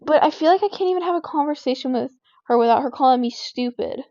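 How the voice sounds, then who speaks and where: A high-pitched teenage girl rambles through an exasperated vent session while she plays a game. Her words come packed with "like" fillers. The sound is dry and a bit dull, as if recorded on a lo-fi home mic. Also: fast, mellow, dry recording. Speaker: gaming vlogger. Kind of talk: casual venting while playing a game.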